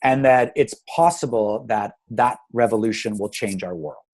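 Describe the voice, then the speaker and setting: A man's voice: fairly low pitch, normal speed, husky, poor audio. A man in his thirties, a guest in a conversational interview, talking animatedly and acting out stories with many restarts. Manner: animated, acts out anecdotes; frequent restarts and fillers. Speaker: guest speaker on engagement.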